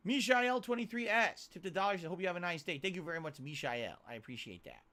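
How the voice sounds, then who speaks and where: A man with a high voice talks fast into a desk mic while livestreaming from his home office. He reads viewer tips aloud and launches into animated, exasperated rants.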